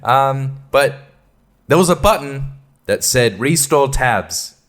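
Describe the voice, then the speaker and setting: A man's voice: medium pitch, lively intonation, slow pace, a bit bright. A man hosting a podcast, ranting casually and profanely in an exasperated way. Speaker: podcast host.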